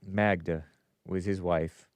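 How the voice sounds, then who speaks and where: A man's voice: low voice, fairly even intonation, slow pace, dry recording. A man hosting a call-in show in casual live-stream chat, musing aloud and stumbling over hard names.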